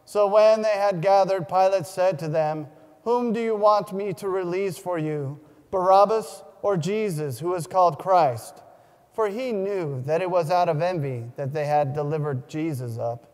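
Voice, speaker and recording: A man with a high-pitched voice reads the Gospel during a church service, slow and solemn, now and then correcting himself. His voice rings out with a long reverb through a large church. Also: darkish tone. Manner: solemn, measured reading with small restarts. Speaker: scripture reader. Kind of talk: liturgical Gospel reading.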